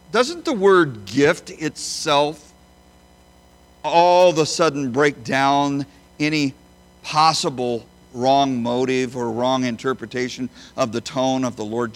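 A man preaching a sermon as a pastor, emphatic, swinging between loud high bursts and quiet low phrases. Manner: emphatic, with big swings in pitch and loudness.

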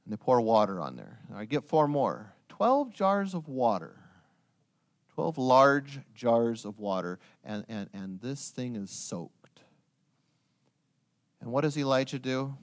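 A man preaching a sermon, retelling a story with lively storytelling and joking asides to his listeners. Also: medium pitch, slow, long pauses.

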